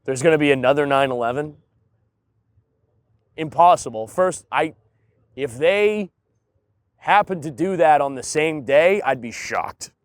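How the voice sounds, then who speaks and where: A man in casual podcast chat, ranting in an animated way and leaning on filler words. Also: fairly high pitch, unhurried, long pauses, dry recording. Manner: animated, ranting, heavy use of "like" and "dude". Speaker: podcast co-host.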